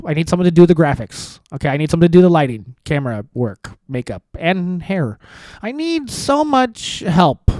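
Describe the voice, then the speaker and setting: A man's voice: fairly high pitch, no echo. A young man hosting his own podcast, rambling through self-deprecating jokes with lots of restarts. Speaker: podcast host. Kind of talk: solo comedic podcast monologue.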